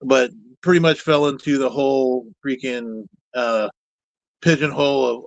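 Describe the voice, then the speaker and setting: Chatty guy rambling about his hobbies, mid pitch, dry close sound, a bit of cussing here and there. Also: fairly even intonation, unhurried, no room sound, highs cut off. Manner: rambling, candid, peppered with mild cussing. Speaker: guest, puppet builder. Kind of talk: casual chat.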